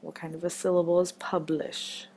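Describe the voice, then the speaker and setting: A woman's voice: lowish voice, little pitch movement, normal speed, dark tone, breathy edge. A woman teaching a children's phonics lesson, patient and encouraging as she marks words step by step.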